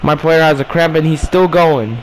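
Frustrated swearing young gamer. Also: male voice, on the high side, normal speed, a little hiss or hum. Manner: frustrated, swearing, bursts of yelling. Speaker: gaming streamer. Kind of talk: casual gameplay commentary.

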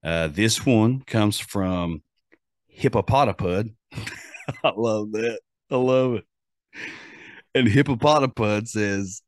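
A man's voice: on the low side, takes it slowly, pauses often, no room sound, clean studio sound. A man with an Appalachian accent hosting a podcast in casual, rambling chat full of fillers and restarts. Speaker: podcast host.

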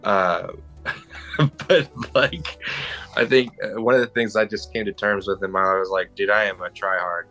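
A man's voice: lowish voice, measured pace, bright, forceful tone, faint music behind, poor audio. A man as a guest on a livestream, chatting in a laid-back, self-deprecating way. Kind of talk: casual chat.

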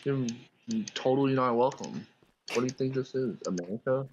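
A man's voice: mid-range voice, brisk. A young man chats through a game with a mid-range voice, joking and drifting through his sentences. His mic sounds dull and lo-fi, with a faint hiss behind it. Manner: joking, rambling with many uh fillers. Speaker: guest gamer. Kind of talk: casual gaming chat.

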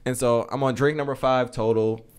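Young man telling a lively story. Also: medium pitch, moderate pace, clear, resonant tone. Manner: animated, acts out quoted lines, laughs often. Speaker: podcast co-host. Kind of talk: casual storytelling chat.

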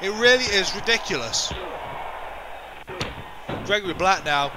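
A man doing excitable, indignant play-by-play commentary for a video game wrestling show, often repeating himself. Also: sits high, measured pace, noisy background.

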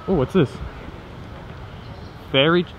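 Walking through busy streets, a station and a park, a young man records a casual travel vlog on a camera mounted on a small tripod. His voice is fairly high and slow, the recording muffled, with street noise clearly audible. He laughs often and swears plenty.

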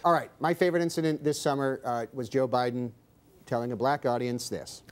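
A man's voice: medium pitch, steady tone, a little fast, clean tone. A man hosting a comedy panel show, speaking with a dry, wry delivery. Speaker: host.

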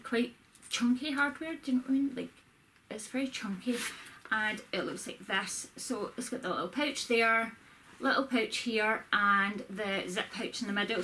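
A woman's voice: medium pitch, bright, forceful tone. A woman vlogger chatting casually from her bedroom, rambling and self-deprecating as she shows off a shopping haul. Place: bedroom at home. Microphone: camera with ring light.

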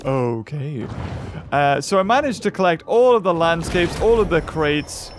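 A young man excitedly commentating his gameplay, often exclaiming and laughing. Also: fairly high pitch, a little slow, a little hiss or hum. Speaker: gaming YouTuber. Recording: game music behind voice.

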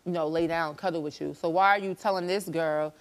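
A woman with a low voice and brisk delivery appears as a talk show guest, animatedly recounting a relationship fight on a studio stage. She acts out the quarrels as she tells the story.

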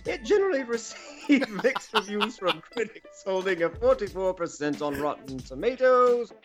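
Guy doing a hammy fake greek accent, wanders all over europe, bit high voice, faint music behind. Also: sing-song, moderate pace. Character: man reading stats in a wandering mock Greek accent. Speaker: guest.

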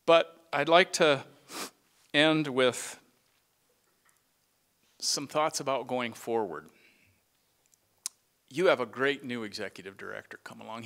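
A man's voice: medium pitch, a bit bright. Earnest man giving a farewell speech. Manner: earnest, with halting restarts. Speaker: retiring executive director giving a farewell speech.

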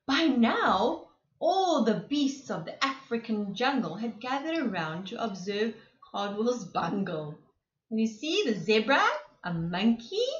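A woman reads a rhyming picture book to little children in a slow, animated way, often stopping to ask them questions. Her voice sits fairly high and swings widely. The room is echoey and the sound slightly dull. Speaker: preschool presenter.

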